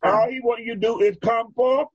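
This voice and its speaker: A male preacher giving a sermon in a rhythmic, drawn-out style, calling for responses from his congregation. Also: very high-pitched, steady tone, husky, dry recording. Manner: rhythmic, drawn-out phrasing, leads the congregation in repeating lines. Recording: dull lo-fi recording.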